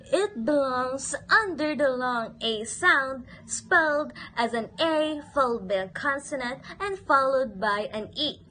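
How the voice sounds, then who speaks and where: Langzame, heldere lerares met hoge stem. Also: female voice, high voice, sharp tone, a little hiss or hum. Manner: slow, sing-song questioning and repeating words. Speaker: teacher. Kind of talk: phonics lesson for young children.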